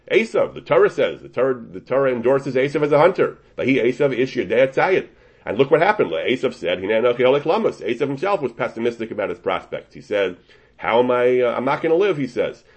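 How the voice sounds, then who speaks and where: Man teaching Torah, lively husky voice. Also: medium pitch, muffled recording. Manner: explains a rabbinic ruling, weaving in Hebrew and Yiddish terms, with many restarts. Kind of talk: Talmudic lecture.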